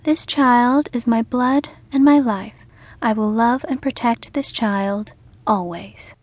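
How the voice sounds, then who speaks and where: A woman's voice: on the high side, slow, a little mellow, dry recording. A woman voicing a young mother with a sweet, firm voice, making a solemn vow.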